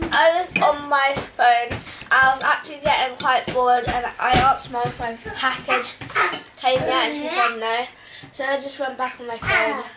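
British teen girl rambling a story at dinner, high voice, echoey room, lots of clatter. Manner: chatty storytelling, a bit rambling. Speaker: daughter in a family vlog. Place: family home at the dinner table. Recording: echoey room, loud noise of dishes.

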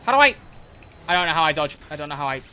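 A young man streaming a video game live, excitable and swearing a lot as he comments. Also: a little high, racing, a little hiss or hum. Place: home gaming setup at a desk.

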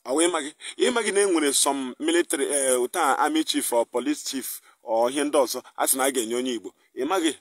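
A man's voice: mid-range voice, fast talker, hardly any pauses, dry recording. A man with a Nigerian accent hosting a live online broadcast, mixing English with Igbo and firing off angry, mocking rhetorical questions. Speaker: activist broadcaster.

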